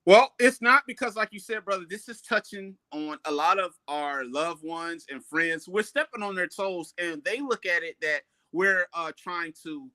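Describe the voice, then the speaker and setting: A man's voice: sits high, moderate pace, hardly any pauses, bright, forceful tone, no room sound. A man co-hosting a talk show, speaking earnestly and often addressing his partner as brother. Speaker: co-host.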